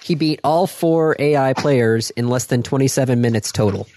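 A man co-hosting a podcast, reading news items aloud in a relaxed, casual way. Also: mid-range voice, normal speed, a little hiss or hum. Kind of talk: casual chat.

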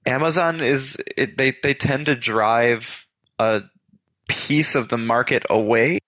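A man's voice: medium pitch, takes it slowly, fairly bright tone, no echo. Man hosting a podcast, rambling. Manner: rambling, self-correcting. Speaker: podcast host. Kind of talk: casual chat.

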